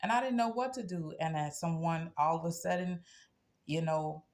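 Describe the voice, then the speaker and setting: Low gravelly-voiced woman. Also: moderate pace, darkish tone. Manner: tags nearly every sentence with "okay?"; earnest and blunt, telling a personal story. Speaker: spiritual practitioner and channel host. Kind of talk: casual talk to camera.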